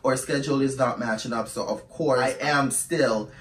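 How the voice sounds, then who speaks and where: A man's voice: medium pitch, normal speed, distant mic. A man chatting expressively to his viewers in a casual storytime monologue. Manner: chatty and expressive, calls listeners "girl". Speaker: storytime YouTuber. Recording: roomy echo, away from the mic.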